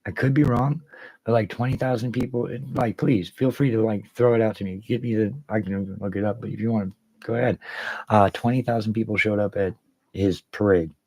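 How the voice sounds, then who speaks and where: A man's voice: lowish voice, steady tone, brisk, dark tone, no echo, low-quality recording. A man hosting a casual livestream, rambling and swearing freely while greeting viewers by name. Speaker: livestream host.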